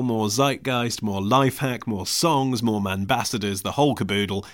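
A man's voice: lowish voice, no room sound. Dry-humoured man hosting a podcast. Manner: chatty, self-deprecating, dry humour. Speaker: podcast host. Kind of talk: casual podcast monologue with host-read ads.

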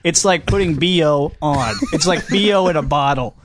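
A man's voice: on the high side, normal speed, background noise. A young man hosting a casual radio show, bantering and joking with his co-host.

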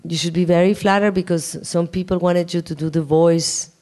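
Animated woman telling a story. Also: on the low side, moderate pace. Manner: animated, laughing, acts out quoted dialogue. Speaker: guest answering questions. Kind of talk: casual storytelling and Q&A.

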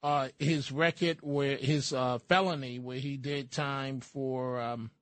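A man's voice: mid-range voice, fairly even intonation, slow pace, fairly bright tone, dry recording. A man hosting an opinionated news commentary show, talking in a sardonic, emphatic way with frequent fillers and restarts. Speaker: host.

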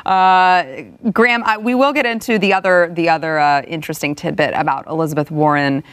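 A young adult woman from Texas hosting a news commentary show, brisk and sarcastic, with frequent filler words. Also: lowish voice, fairly even intonation, fairly bright tone, clear, resonant tone. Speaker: host.

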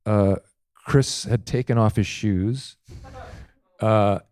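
A male comedian guest telling a story on a live show stage, animated and laughing between lines. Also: lowish voice, slow, no echo, clean studio sound.

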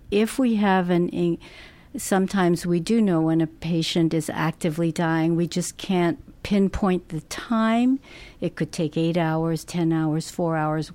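Woman, middle-aged, hospice nurse, slow measured speech, gentle, dry close sound. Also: sits low, dry recording. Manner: slow, gentle, thoughtful with many restarts. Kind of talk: interview answers.

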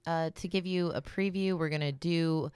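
A young woman co-hosting a comedy podcast, playful and quick to laugh. Her voice sits very low for a woman. The sound is close and dry. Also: steady tone, a little mellow, smooth, no room sound. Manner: playful, laughing, absurd asides. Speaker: podcast co-host. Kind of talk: casual comedy chat.

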